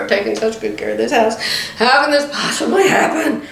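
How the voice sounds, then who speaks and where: An older woman with a fairly high voice tells a story in a rambling, chatty way, breaking into laughs as she goes. Her voice bounces around a roomy, echoey space. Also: lively intonation, a little fast, gravelly, a bit bright, slight background noise. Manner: chatty, laughs often while telling a story. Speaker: vlogger. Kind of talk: casual storytelling. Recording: roomy echo.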